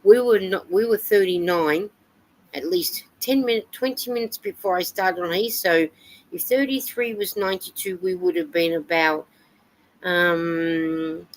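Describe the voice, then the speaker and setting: A woman's voice: on the low side, measured pace, low-quality recording. An Australian woman hosting a live stream, chatting casually and reading out viewer comments and weather reports. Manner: chatty, reads comments and weather aloud with fillers.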